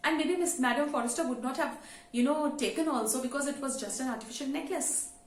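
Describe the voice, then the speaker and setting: A woman's voice: high-pitched, fast. A woman teacher retelling a story to students in a conversational way, with many "you know" fillers. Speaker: English teacher. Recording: roomy with faint ambience.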